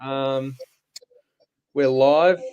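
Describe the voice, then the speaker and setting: Laid-back Australian stream host. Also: male voice, medium pitch, clean tone, muffled recording. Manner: relaxed, chatty, halting with fillers. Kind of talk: casual live stream chat.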